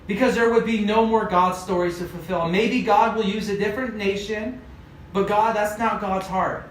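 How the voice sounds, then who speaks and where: A high-pitched man preaches to a youth group in a loose, chatty way, full of fillers as he retells scripture. The mic is far from him in a very echoey church room, with a faint hiss underneath. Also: steady tone, normal speed. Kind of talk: casual youth sermon.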